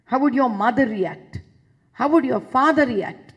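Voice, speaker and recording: Indian woman addressing a session, husky voice pitched a little high, emphatic and repetitive delivery. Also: expressive, measured pace, lo-fi sound. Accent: Indian English. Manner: emphatic, repeats phrases for force. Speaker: public speaker addressing a session. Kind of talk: impassioned public talk.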